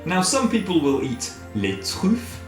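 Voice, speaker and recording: A man's voice: sits high, wildly swooping pitch, a little slow. A man teaching a playful French lesson for children from a home kitchen, repeating words for pupils to copy. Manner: playful, drills words with varied voices. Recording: echoey room with faint music.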